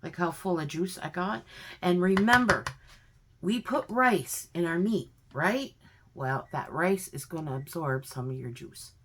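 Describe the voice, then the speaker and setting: Low-pitched lady walking you thru a recipe in her home kitchen, slow and easygoing, lots of ums, some faint noise behind her. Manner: chatty, homey step-by-step explaining with many fillers. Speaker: home cook vlogger. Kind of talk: casual cooking demonstration.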